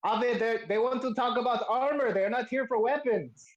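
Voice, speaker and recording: A man's voice: very high voice, moderate pace, highs cut off, voice pushed up. A man voicing a polite, apologetic male blacksmith who talks in a stiff, formal way without contractions during a tabletop game. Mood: explaining. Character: friendly male fire-haired blacksmith, apologetic. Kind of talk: tabletop role-play voicing.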